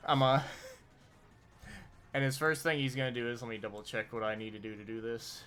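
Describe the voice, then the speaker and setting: Bright-voiced man describing his tabletop character. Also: mid-range voice, flat delivery, soft background music. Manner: halting, with many restarts and fillers. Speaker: player.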